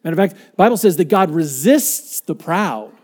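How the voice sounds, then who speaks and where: Male pastor, middle-aged, high voice, emphatic preaching with dynamic swings. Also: animated. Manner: emphatic, varies volume from loud to quiet, slows for scripture. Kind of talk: sermon.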